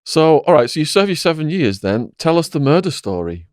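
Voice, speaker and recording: A man's voice: on the high side, sing-song, fairly quick, a little mellow, dry recording, clean studio sound. A man hosting a podcast interview, asking short follow-up questions. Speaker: podcast host.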